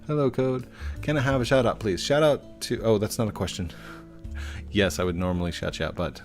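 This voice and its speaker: A middle-aged man with a lowish voice talks a little fast while hosting a casual game stream. Goofy and chatty, he reads viewers' questions aloud and stumbles on their usernames, with guitar music faintly audible.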